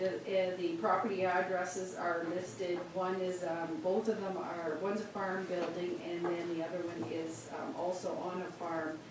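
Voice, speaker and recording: Woman, finance report, pauses and corrects herself, echoey room, far from mic. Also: fairly low pitch. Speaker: finance director. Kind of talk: formal meeting report. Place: council chamber. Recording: echoey chamber, distant mic, background noise.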